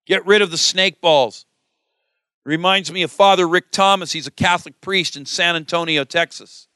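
A man's voice: high-pitched, normal speed, sharp tone, clear, resonant tone, dry recording, clean studio sound. A middle-aged man preaching a sermon, emphatic and full of rhetorical questions.

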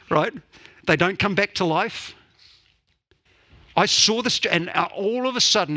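Male pastor, bright, fairly high voice, chatty sermon with jokes. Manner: playful, jokey asides.

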